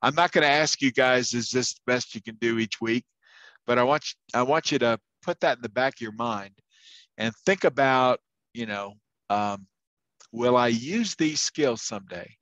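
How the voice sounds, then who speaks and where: A man's voice: mid-range voice, moderate pace, fairly bright tone, no echo, low-quality recording. A man teaching a university class, telling anecdotes in a casual, chatty way with many fillers and restarts. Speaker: university instructor. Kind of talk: casual lecture storytelling.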